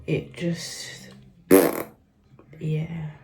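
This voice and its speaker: A young woman, talking openly in a confessional vlog, often dropping to a whisper and then rising loud and quick. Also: sits low, monotone. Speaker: vlogger.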